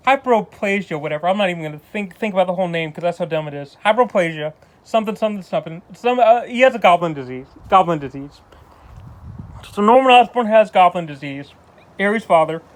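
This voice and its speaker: A movie reviewer ranting casually, exasperated and rambling with lots of restarts. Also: medium pitch. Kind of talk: casual spoken film review.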